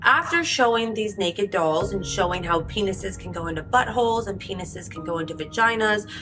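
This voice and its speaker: A woman's voice: mid-range voice, normal speed, music in the background, rough recording. A woman podcast host narrating a court case in a casual, conversational way, reading from transcripts.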